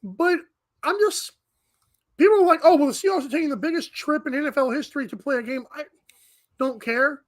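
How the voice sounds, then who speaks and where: A woman co-hosting a sports radio show, giving betting picks in breezy, joking casual chat. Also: high-pitched. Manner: breezy, jokey, quick asides. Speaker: co-host.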